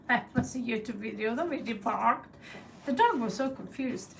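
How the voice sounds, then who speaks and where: Her gravelly voice is a little high and animated, slightly slow, and picked up far from the mic on low-quality audio with slight background noise. She's a Norwegian tarot reader and channel host, loose and chatty on her live stream, swearing, laughing, and copying crow calls in her Norwegian accent.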